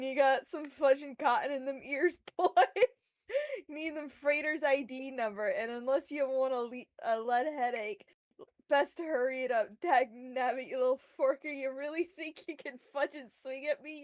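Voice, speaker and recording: A woman's voice: high voice, animated, unhurried, no room sound, clean studio sound. A woman doing Boothill, a drawling Southern cowboy. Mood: swaggering. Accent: American Southern (put on). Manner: drawling, mock-tough, breaks into giggles. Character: brash cowboy cyborg man, cussing, impatient.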